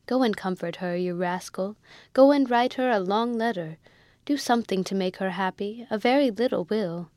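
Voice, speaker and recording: Woman reading a kind loyal army captain, earnest, mid pitch, dry close audiobook sound. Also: normal speed, a little mellow, no echo, close to an everyday voice. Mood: kindly. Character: good-natured loyal male army captain.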